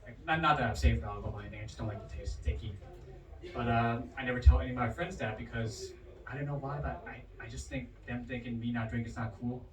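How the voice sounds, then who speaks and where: A man doing a stand-up comedy set at a bar comedy night, animated and swinging his pitch hard for punchlines. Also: fast talker. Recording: roomy, distant bar recording with audience. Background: crowd laughter.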